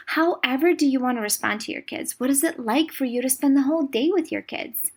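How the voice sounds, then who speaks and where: A young woman hosting a podcast, talking in a warm, encouraging, chatty way as a coach. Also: on the high side, fairly quick, few pauses. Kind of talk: podcast monologue.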